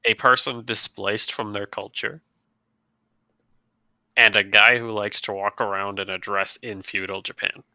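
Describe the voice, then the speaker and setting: Gravelly, bright-voiced man chatting. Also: fairly low pitch, dry recording. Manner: animated, slips into quick character voices. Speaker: tabletop game player. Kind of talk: casual chat about a tabletop campaign.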